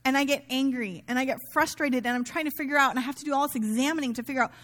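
A woman's voice: high voice, very fast, fairly bright tone. A middle-aged woman pastor giving a sermon in a conversational, self-mocking way, acting out quoted asides.

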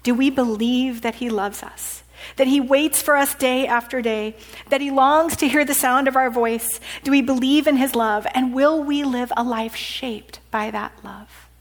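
A woman pastor preaching a sermon, often dropping to a hushed whisper. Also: high voice, fairly even intonation, measured pace.

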